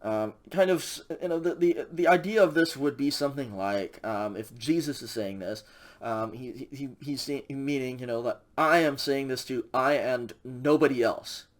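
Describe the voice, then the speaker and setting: A man lectures on Greek grammar in a recording, speaking at normal speed with a medium-pitched voice. He's casual, leans on lots of fillers, and keeps checking in with his students.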